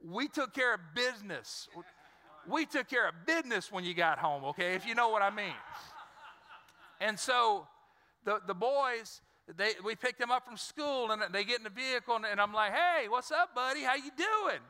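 Pastor, middle-aged man, bright forceful voice, animated storytelling sermon. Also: sits high, moderate pace, clear, resonant tone. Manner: animated, acts out voices in his stories. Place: large church hall. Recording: reverberant church sanctuary.

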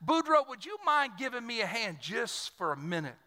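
A pastor doing a patient gatekeeper saint. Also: male voice, very high voice, sing-song, normal speed, pushed and bright, long reverb tail, full character voice. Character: calm gatekeeper saint with a clipboard, man.

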